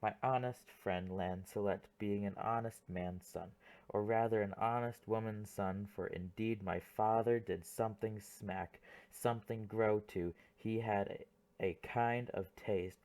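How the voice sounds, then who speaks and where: A man's voice: on the low side, steady tone, unhurried, darkish tone. A man voicing a comic young clown servant, rambling through a monologue in an audiobook play reading.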